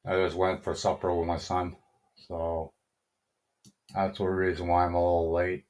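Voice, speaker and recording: A man's voice: low-pitched, level tone, moderate pace, a little mellow. A middle-aged man hosting a casual live stream, greeting viewers by name, chuckling often and swearing mildly. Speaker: livestream host.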